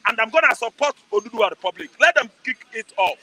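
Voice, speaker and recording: This middle-aged Nigerian man talks fast in a very high-pitched, expressive voice during a fiery street interview. Preaching, he hammers phrases through repetition, shouts at times, and asks himself rhetorical questions. There's no echo, though the recording quality is poor.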